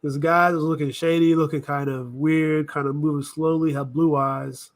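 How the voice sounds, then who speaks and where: A man riffing through casual reaction commentary with a voice pitched a little high. He thinks out loud, wanders off track and corrects himself as he goes. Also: little pitch movement, normal speed. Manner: rambling, thinking aloud, self-correcting. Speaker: reaction video host.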